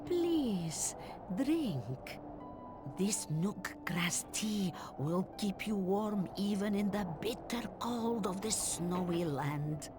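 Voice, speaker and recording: An actress playing a gentle, wise old woman who lives alone in the mountains, in a game's voice acting, speaking softly. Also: medium pitch, sing-song, over music. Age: older. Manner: slow, gentle, soft-spoken. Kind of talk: game voice acting.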